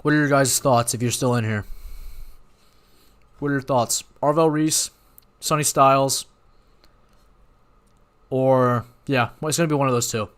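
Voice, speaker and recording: A young man hosts a live stream and reacts as things happen, rambling and excitable. He keeps stopping to apologize and correct himself. His voice sits at an ordinary middle pitch. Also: measured pace, pauses often, clear, resonant tone. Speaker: watch party host.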